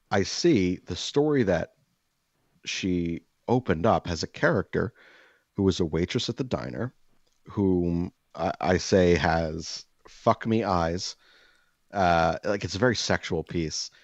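Deep-voiced man telling a story. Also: no echo. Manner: animated, profane, acts out dialogue. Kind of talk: personal storytelling monologue. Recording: dull, dry lo-fi sound.

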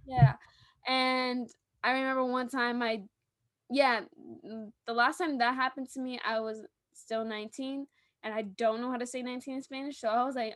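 A young woman co-hosting a podcast, chatting casually and telling animated stories with laughter. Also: fairly high pitch, moderate pace, dry recording. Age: young adult. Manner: animated storytelling, acts out voices, laughs often. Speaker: podcast co-host. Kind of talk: casual chat.

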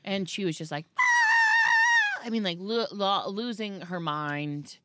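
A woman's voice: on the low side, normal speed, background noise. A woman in her thirties chatting casually as a podcast co-host, telling stories and acting out the lines she quotes. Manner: animated storyteller, acts out quotes. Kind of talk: casual chat.

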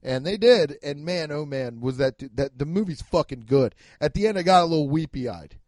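A young man in his twenties or thirties, a comedian rambling through a profane, animated monologue with bursts of shouting. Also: a little high, normal speed, no echo. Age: 20s to 30s.

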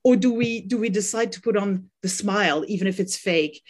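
A woman's voice: mid-range voice, brisk, slightly rough. Woman, middle-aged, French accent, parenting coach, earnest, repeats words, podcast guest. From France. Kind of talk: podcast interview.

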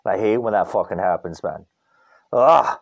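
A man's voice: on the low side, normal speed, creaky, highs cut off. A young man from Canada hosting a podcast, rambling in a casual rant and swearing constantly. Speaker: podcast host. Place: Vancouver.

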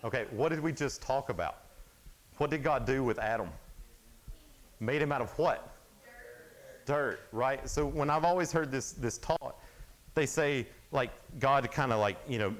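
A young man preaching a casual youth sermon, retelling Bible stories in an animated way with lots of fillers. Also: mid-range voice, rough recording. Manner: animated storytelling, acts out Bible scenes; casual, filler-heavy talk with frequent "like". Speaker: youth speaker.

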